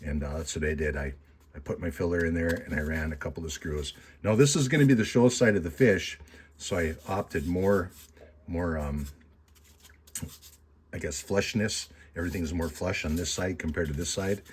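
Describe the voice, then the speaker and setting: A man's voice: sits low, moderate pace, a little hiss or hum. A man teaching taxidermy in a casual, rambling tutorial from his workshop, folksy and self-mocking. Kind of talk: casual how-to tutorial with jokes.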